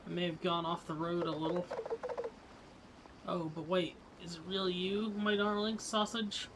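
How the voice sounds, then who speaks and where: A doting elderly woman from a video game frets over her dented van and showers the hero with pet names, as a man puts her on. The voice sits a little high. A noisy stream mic with clicks runs underneath. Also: monotone, normal speed, gravelly. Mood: fond. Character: fond elderly woman, van-driving grandmother type. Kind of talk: voicing game dialogue on a live stream.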